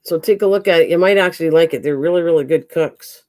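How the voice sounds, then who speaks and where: A woman's voice: fast talker, a little mellow. A woman hosting a casual live-stream chat with viewers, chatty and rambling. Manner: chatty, rambling, talks to her cats in a higher coaxing voice. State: out of breath.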